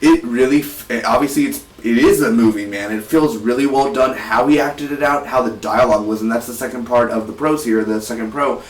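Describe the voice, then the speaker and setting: An eighteen-year-old man talks through a movie review with loose, excited energy, often restarting his sentences. His voice sits at an ordinary middle pitch. It is recorded in a roomy space, a little away from the mic. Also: fairly quick, few pauses, distant mic. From South Texas. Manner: energetic, rambling, frequent restarts. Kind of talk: casual movie review vlog. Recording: roomy, voice set back from the mic.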